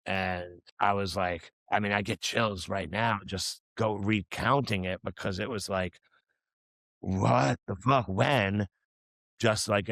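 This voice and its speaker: Low-voiced man telling a rambling story. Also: fairly bright tone, no room sound. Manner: rambling, many restarts and fillers; earnest, reflective. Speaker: podcast guest, musician. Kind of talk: casual storytelling chat.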